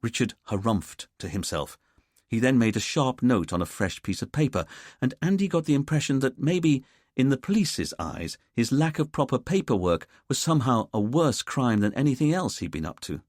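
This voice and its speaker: A man narrating a mystery audiobook in an expressive storytelling manner. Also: medium pitch, moderate pace, dry recording. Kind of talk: scripted narration. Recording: dry close studio sound.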